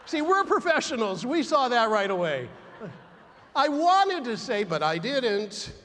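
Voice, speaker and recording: Male conference keynote, funny storyteller, bright high voice with big swings, echoing hall. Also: unhurried, a little hiss or hum. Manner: animated storytelling with acted-out dialogue. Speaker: keynote speaker. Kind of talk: humorous motivational keynote. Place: large conference hall before a big audience.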